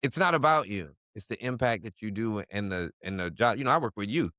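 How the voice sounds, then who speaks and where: A man co-hosting a podcast in a relaxed way, laughing easily and joking at his own expense. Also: fairly low pitch, fairly quick, dry recording, clean studio sound. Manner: relaxed, laughing, self-deprecating. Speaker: podcast co-host who works with youth. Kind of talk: casual podcast chat.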